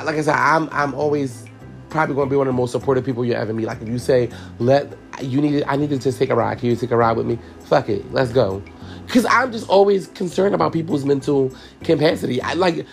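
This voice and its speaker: A man with a mid-pitched, gravelly voice tells a personal story to his podcast listeners, candid and profane. He sounds tearful and keeps calling out to them as y'all. Faint music plays underneath. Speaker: podcast host.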